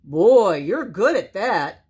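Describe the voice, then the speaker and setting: A woman's voice: medium pitch, big pitch swings, slow pace, darkish tone, breathy edge, lo-fi sound, exaggerated voice. A woman voicing a grumpy old male bear who sobs and pleads in a storybook reading. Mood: pleading. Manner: sobbing, pleading.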